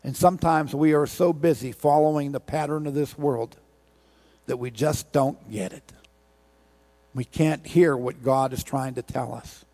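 Preacher with a long hall reverb. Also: male voice, mid-range voice, fairly even intonation, a little slow, dark tone. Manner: rhythmic, repetitive storytelling. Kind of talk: sermon with a told parable.

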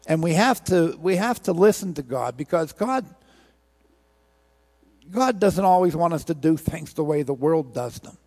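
A man's voice: fairly high pitch, animated, unhurried, a little mellow. A man preaching a sermon, telling a parable with a rhythmic, repetitive storytelling cadence. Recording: long hall reverb.

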